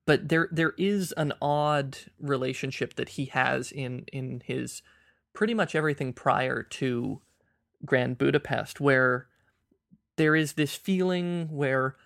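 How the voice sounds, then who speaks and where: A man's voice: mid-range voice, takes it slowly, creaky, a bit bright, no room sound, clean studio sound. A man co-hosting a casual film podcast, thoughtful and searching for words with frequent restarts. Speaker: podcast co-host.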